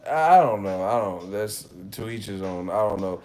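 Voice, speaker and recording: A man's voice: fairly low pitch, animated, moderate pace, mellow. A man hosting a live stream, telling stories in a loose, profane, laughing way. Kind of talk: casual chat.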